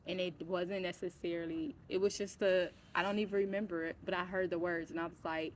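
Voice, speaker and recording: A woman's voice: fairly low pitch, level tone, a little fast, a little hiss or hum. A woman telling a personal story in a casual, rambling way, full of fillers and restarts, frank enough to swear. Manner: frank, swears when irritated. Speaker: vlogger.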